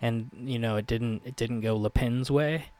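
A man's voice: mid-range voice, fairly even intonation, moderate pace, darkish tone, no echo. A man co-hosting a podcast in casual chat, rambling and swearing, often laughing. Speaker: podcast co-host.

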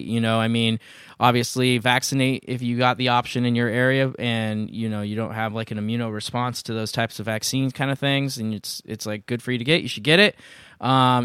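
A man's voice: medium pitch, a bit bright, clear, resonant tone, dry recording, studio quality. Easygoing man hosting with many fillers. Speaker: podcast host. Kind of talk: casual chat. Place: home studio in Greenwood.

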